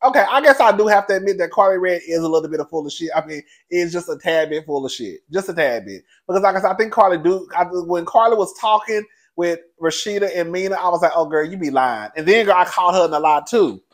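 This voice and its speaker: A fairly high-voiced man gives a gossipy recap, loose and conversational. He is sassy and animated, swoops his voice up and down, and breaks into laughter as he calls everyone "girl". It sounds like a host talking straight to his regular viewers. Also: fast, few pauses. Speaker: show reviewer and host. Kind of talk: casual reality TV recap commentary.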